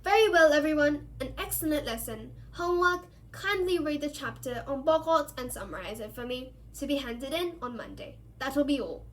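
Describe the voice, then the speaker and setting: A woman voicing a calm, encouraging middle-aged male teacher who calls out brisk commands to a class in a storybook reading. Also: sits high. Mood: pleased.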